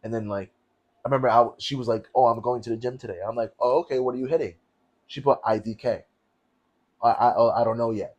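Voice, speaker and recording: A man's voice: mid-range voice, fast talker, highs cut off. A young man with a New York accent, co-hosting a podcast in casual chat, telling his stories bluntly and with plenty of swearing. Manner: blunt, profane, animated storytelling. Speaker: podcast co-host.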